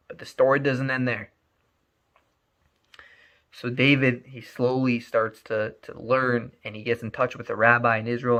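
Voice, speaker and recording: Give me a man telling a dramatic story with a bright, emphatic voice. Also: mid-range voice. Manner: animated, emphatic, many repeated words. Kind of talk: spoken storytelling.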